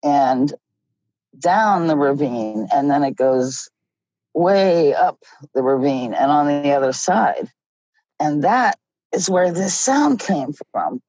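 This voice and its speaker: A middle-aged woman tells her story slowly in a low voice, laughing now and then. The sound is dull and lo-fi, close and dry with no room around it. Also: no room sound. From Ohio. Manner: slow, animated storyteller who laughs often. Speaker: guest. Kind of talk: casual storytelling. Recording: dull lo-fi audio.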